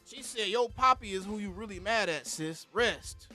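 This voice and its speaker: A man hosting a live call-in stream, talking casually in animated slang with loud exclamations. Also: high-pitched, normal speed, soft background music. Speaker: host of a fan channel live call-in show.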